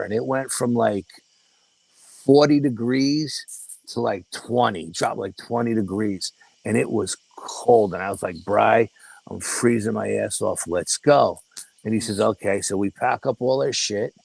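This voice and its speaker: Older guy telling a spooky story, swears a lot, gravelly voice, dry close sound. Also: medium pitch, no echo, rough recording. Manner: animated, profane, acts out quoted dialogue. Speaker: guest paranormal investigator. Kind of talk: casual storytelling interview.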